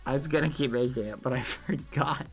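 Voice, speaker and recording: An excitable young man streams a game and talks to his chat, his voice jumping high when something surprises him and silly words standing in for swears. He talks briskly over soft background music.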